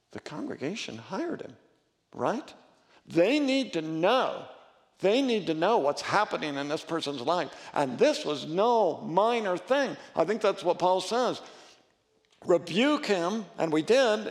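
A man's voice: a little high, big-room sound. A male pastor preaching a sermon in an earnest, conversational way, often restarting and rising in emphasis.

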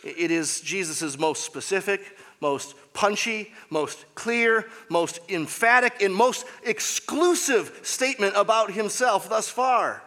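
A man preaches with slow, deliberate emphasis, often repeating his key phrases. His voice is bright and a little higher than most men's. A long reverb hangs behind him, as in a church hall. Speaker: pastor. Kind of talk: sermon.

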